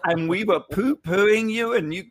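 A man's voice: high voice, unhurried. Friendly man steering a casual chat. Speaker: podcast host.

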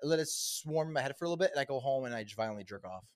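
A man's voice: mid-range voice, expressive. A young man co-hosting a podcast, rambling and joking crudely in casual banter. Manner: fast, rambling, jokey, loud outbursts when acting out scenes. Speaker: podcast co-host.

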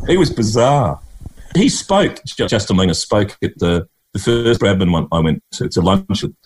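A man's voice: on the low side, animated, measured pace, darkish tone. A middle-aged Australian man from Queensland, a guest telling rambling, chuckling anecdotes and mimicking people in a casual interview.

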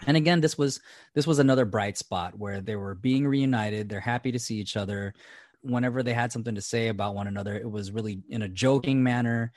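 A man co-hosting a casual podcast, animated and laughing often, cursing freely as he chats. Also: medium pitch, fairly quick, no echo, studio quality. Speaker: podcast co-host.

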